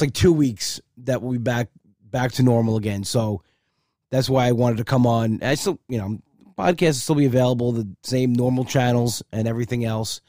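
Hoarse, congested man hosting a podcast. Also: mid-range voice, darkish tone, dry recording, studio quality. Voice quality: gravelly. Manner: rambling, repeats words when starting sentences. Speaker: podcast host. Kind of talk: casual solo podcast talk.

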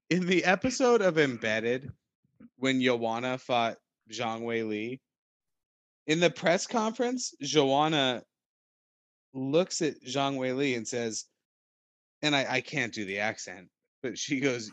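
A man's voice: medium pitch, expressive, slow pace, long pauses, fairly bright tone, dry recording. A man co-hosting a casual sports podcast, rambling and joking, often hedging with "I don't know.". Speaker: podcast co-host.

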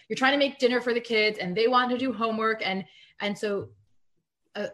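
A woman in a casual live-streamed chat, giving practical parenting advice with quick laughs. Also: mid-range voice, fairly bright tone. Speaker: guest parenting coach.

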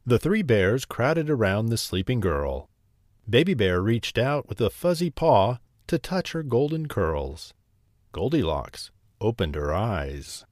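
A man narrating a bedtime story as the host, slow and lively. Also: on the low side, no echo, clean studio sound.

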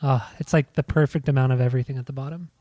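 A man's voice: medium pitch, steady tone, very fast, dark tone, no room sound. A young man co-hosting a casual podcast chat, dry and teasing, moving the show along. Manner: dry teasing, runs the segments. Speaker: podcast co-host.

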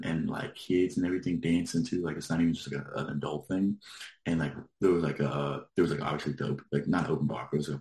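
A man with an extremely low, deep voice, chatting casually and rambling through a story with lots of filler words. He sounds like he's in a roomy, echoey space. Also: a little mellow. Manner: rambling, lots of likes, laughs while telling. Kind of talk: casual chat.

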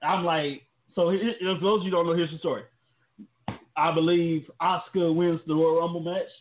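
A man's voice: fairly high pitch, fairly even intonation, moderate pace, slight background noise. Rambling man on a tinny line. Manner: loose, rambling storytelling, slangy. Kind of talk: casual podcast chat. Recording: tinny phone-like sound.

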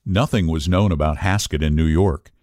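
A man narrating a classic novel as an audiobook reader, in a measured, expressive way. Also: very deep voice, no echo, clean studio sound.

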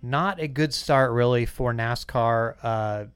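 Smooth, dry-sounding man chatting casually. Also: medium pitch, takes it slowly, no echo. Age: 30s or 40s. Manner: chatty, self-deprecating, retells stories with little voices. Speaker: podcast host. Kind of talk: casual podcast chat.

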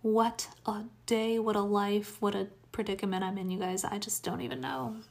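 A woman's voice: medium pitch, steady tone, normal speed, creaky. A tired woman hosting a casual solo podcast, rambling and questioning herself, with sighs, yawns and small laughs. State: tired, yawning. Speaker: podcast host.

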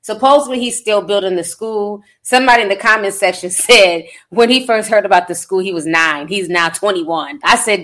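A woman's voice: mid-range voice, moderate pace, few pauses, fairly bright tone. A woman doing casual commentary on her vlog, chatty and sassy, calling her listeners honey and child. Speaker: vlogger.

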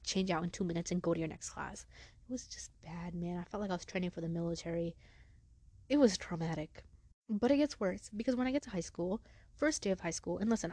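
A young woman hosts a podcast, telling a story in a casual, chatty way and saying "like" constantly. Her voice is lowish and mellow, and the recording is dry.

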